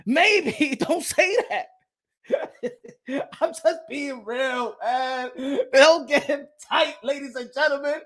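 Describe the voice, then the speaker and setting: High-voiced man ranting loudly. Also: slow. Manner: loud, profane, heated ranting with bursts of shouting; repeats phrases, laughs at own points. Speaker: boxing channel host. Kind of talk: casual boxing commentary vlog.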